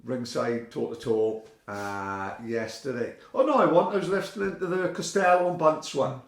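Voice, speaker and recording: A man's voice: mid-range voice, steady tone, normal speed. A man chatting casually about boxing on a podcast, dropping sweary asides. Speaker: podcast co-host. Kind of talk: casual chat. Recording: roomy, echoey room.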